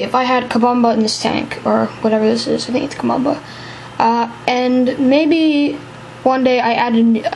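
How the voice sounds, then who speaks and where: A woman's voice: fairly high pitch, a little mellow, slight background noise, poor audio. A woman giving a casual vlog explainer on an aquarium hobby topic, rambling and hesitant, with lots of restarts.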